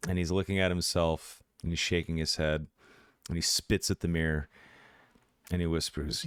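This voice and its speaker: Deep-voiced man narrating his character. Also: flat delivery, normal speed, clean tone, dry recording, clean studio sound. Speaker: player.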